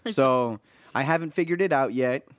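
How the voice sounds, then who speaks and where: A man's voice: medium pitch, expressive, normal speed, no echo. Hesitant, stammering man podcast co-host. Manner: hesitant, stammers and repeats words. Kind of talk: casual chat.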